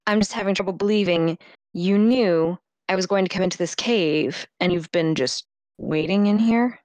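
A woman's voice: lowish voice, normal speed, a little mellow, dry recording. A woman playing a tabletop role-playing game, bantering wryly and suspiciously in character. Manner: wry, suspicious banter with laughs. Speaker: player.

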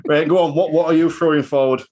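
A man hosting a casual podcast chat, jokey and quick to swear. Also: fairly high pitch, steady tone, darkish tone. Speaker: podcast host.

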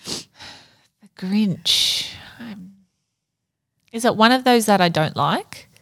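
A woman's voice: medium pitch, expressive, extremely slow, gravelly, fairly bright tone. A woman co-hosting a podcast, giggly and a little unsure as she answers quiz questions. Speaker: podcast co-host. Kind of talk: casual chat.

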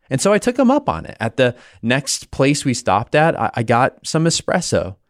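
A man's voice: medium pitch, moderate pace, few pauses, dry recording, studio quality. A man hosting a podcast, teaching about the Bible in a conversational way and telling a personal story along the way. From United States. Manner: conversational, animated storytelling with small restarts.

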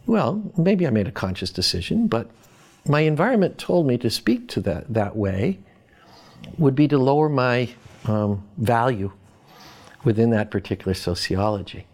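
A man from Boston, an academic guest, giving reflective interview answers in a measured, thoughtful way with pauses. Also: mid-range voice, lively intonation, darkish tone.

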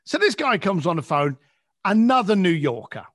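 A man telling a long personal story, acting out the voices of others and dropping low and quiet at emotional moments. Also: sing-song, moderate pace, no room sound, studio quality. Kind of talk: animated anecdote.

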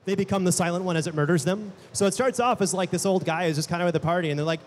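A man's voice: sits high, a little hiss or hum. A man game master on a convention panel, talking eagerly with lots of restarts. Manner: rapid, eager storytelling with many restarts. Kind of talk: casual panel chat.

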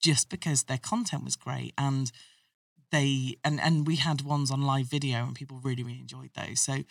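A guest podcaster talks in a loose, rambling way, circling back on thoughts. The voice is mid-pitched, with a dry sound, recorded a little away from the mic. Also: steady tone, moderate pace, creaky, no echo, recorded from a distance. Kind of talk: casual chat.

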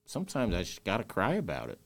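A man's voice: lowish voice, wildly swooping pitch, fast talker, creaky. A man as a podcast guest, talking earnestly and emotionally about loss and carrying on. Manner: earnest, emotional, speaks openly about grief. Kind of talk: candid interview conversation.

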